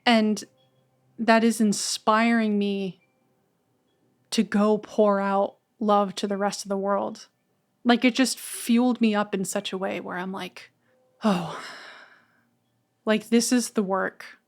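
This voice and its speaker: A woman's voice: medium pitch, little pitch movement, slow pace, pauses often. A woman in a casual podcast conversation, talking candidly and emotionally, with casual swearing.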